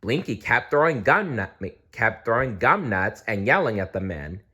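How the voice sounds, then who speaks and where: A man reading a children's storybook aloud, gently and with small restarts. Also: mid-range voice, very animated, normal speed.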